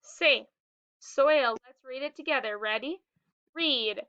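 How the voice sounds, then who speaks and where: Slow, high-voiced woman teaching phonics. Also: sharp tone, no room sound, dull audio. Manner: slow, clearly sounded-out words with prompting cues. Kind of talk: phonics lesson for young children.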